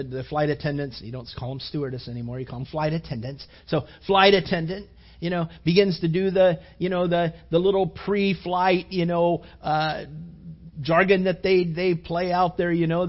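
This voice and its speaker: A man's voice: sits high, muffled recording. A man preaching a sermon to young men, rambling in a chatty way with many fillers and rhetorical questions.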